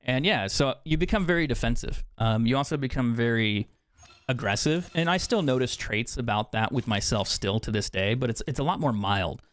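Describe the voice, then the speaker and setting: A man's voice: medium pitch, lively intonation, normal speed. Candid, profane young man streamer. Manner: candid, profane, laughs often. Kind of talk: casual chat with stream viewers while gaming.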